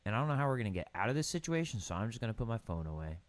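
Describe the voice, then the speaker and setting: A young man casually commentating over a building game, riffing deadpan puns on place names. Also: lowish voice, racing, no room sound. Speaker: gaming streamer.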